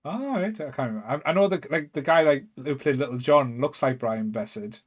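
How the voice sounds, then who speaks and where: A man's voice: medium pitch, brisk. A man with a Northern English accent chatting casually on a podcast, hesitant, with plenty of fillers. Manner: laid-back, hesitant, with many fillers. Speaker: podcast co-host. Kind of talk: casual chat.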